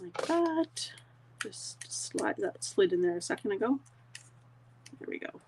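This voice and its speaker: A middle-aged woman talks her live viewers through a craft project, chatty and relaxed. Her voice sits in the middle range. A faint hiss lies under the recording. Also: mid-range voice, normal speed, gravelly. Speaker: crafting demonstrator. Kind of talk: casual live crafting tutorial.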